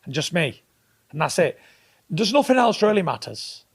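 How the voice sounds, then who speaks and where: A man's voice: fairly high pitch, very animated, moderate pace, gravelly, breathy edge. A professional boxer speaking bluntly and emphatically in a recorded interview, repeating his points to drive them home.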